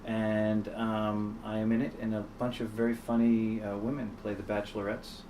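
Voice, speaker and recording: A man's voice: lowish voice, level tone, moderate pace, distant mic, noisy background. A man in his forties answering with many fillers and dry jokes in a casual interview. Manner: hesitant, many fillers, joking. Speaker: interviewee, actor.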